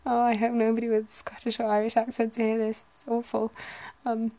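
A British woman in whispered ASMR chat, musing aloud softly and rambling. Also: on the high side, monotone, fairly quick, dry recording. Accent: British English.

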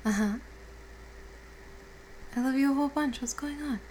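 A woman playing a caring girlfriend who has just woken up, speaking softly and reassuringly with casual swearing in an audio role-play. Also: high voice, moderate pace, slight background noise, natural voice, low-quality recording. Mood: tender. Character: affectionate young woman, the listener's caring girlfriend.

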